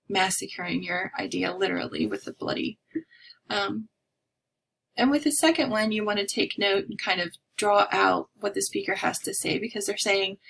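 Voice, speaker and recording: A woman's voice: medium pitch, creaky, fairly bright tone, breathy edge, low-quality recording. A woman instructor from North America giving a recorded lecture in a chatty, discursive way with many fillers. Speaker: college instructor.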